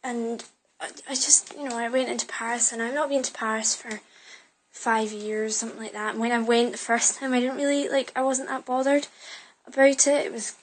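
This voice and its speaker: Low-quality phone audio with a little hiss or hum captures a young woman vlogging from her bedroom. She tells a rambling, chatty story brimming with fillers and restarts, speaking briskly in a fairly high voice with a level tone.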